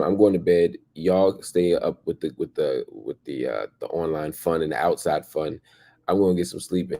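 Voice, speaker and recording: Tired news-stream host, very low gravelly voice, dark and husky; reads headlines, adds casual commentary. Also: male voice. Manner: reads headlines then comments, with fillers and restarts. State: tired, exhausted.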